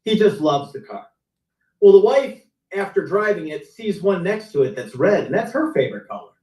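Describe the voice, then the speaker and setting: A man's voice: sits high, very animated, moderate pace, warm tone. A middle-aged man, a car sales veteran, telling stories casually on a live stream and acting out his customers' lines. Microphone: video call. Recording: roomy, distant mic.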